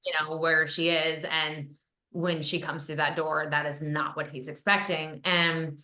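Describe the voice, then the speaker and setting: A woman film director talking casually in an interview, telling an animated story with frequent laughs. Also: low-pitched, unhurried. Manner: animated storyteller, acts out quotes, laughs often. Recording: roomy echo.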